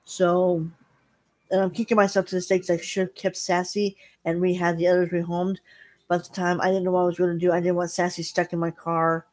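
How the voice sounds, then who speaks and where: A woman's voice: on the low side, flat delivery, darkish tone. Rambling middle-aged woman vlogger. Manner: rambling, halting storytelling with many restarts. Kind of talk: casual chat.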